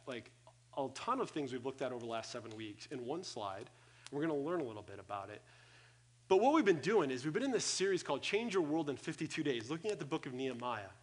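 Young male pastor, fairly high voice, lively sermon delivery that swings loud and soft, addressing a congregation. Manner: energetic, acts out quoted thoughts, swings loud and soft. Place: church hall with audience.

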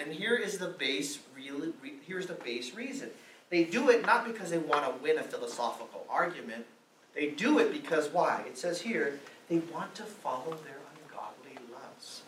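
A man's voice: fairly high pitch, a bit bright, a little hiss or hum. A man preaching a sermon, pressing his point with repeated rhetorical questions. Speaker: pastor. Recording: roomy echo, mic at a distance, faint ambience.

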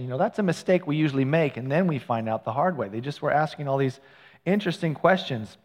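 Conversational pastor in a reverberant hall. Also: male voice, on the high side, lively intonation, fast talker. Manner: conversational, storytelling with asides and self-corrections. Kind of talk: sermon. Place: church sanctuary.

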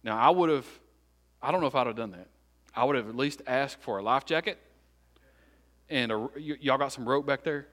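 A male pastor preaching. His delivery rises through loud repeated phrases and falls to hushed, deliberate words. His voice sits at an ordinary middle pitch for a man. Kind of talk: sermon.

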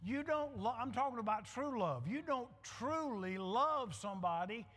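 A man's voice: extremely high pitch, animated, moderate pace, a bit bright, slightly rough. A middle-aged male pastor preaching a sermon with emphatic repetition and call-and-response. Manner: emphatic, repeats lines, call-and-response with the congregation. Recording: hall reverb.

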